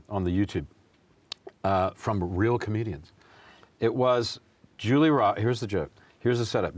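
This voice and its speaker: A man hosting a casual talk show, rambling and halting as he sets up jokes. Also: on the low side, dry recording. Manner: rambling, halting, self-deprecating. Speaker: host. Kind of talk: casual chat.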